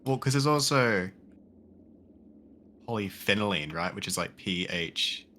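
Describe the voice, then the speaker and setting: A man's voice: fairly low pitch, animated, a little slow, bright, forceful tone, a little hiss or hum. A man in casual voice chat with friends while gaming, thinking aloud and swearing now and then. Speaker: game player.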